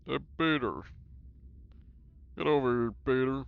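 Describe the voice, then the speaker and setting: A man doing a quick impression of a gruff middle-aged cartoon neighbor, calling out in clipped, shouty bursts. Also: mid-range voice, narrow, tinny audio, voice pushed up.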